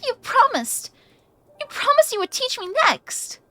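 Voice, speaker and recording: A woman's voice: very high voice, very animated, a little slow, sharp tone, faint music behind, voice pushed up, exaggerated voice. A woman voicing a whiny, resentful young male mage brother in a fantasy game, pleading and sulky.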